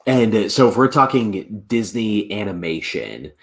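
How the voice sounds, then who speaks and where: A young adult man, a podcast guest, chatting in a relaxed, laid-back way with lots of filler words. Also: fairly low pitch, unhurried. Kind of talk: casual podcast chat.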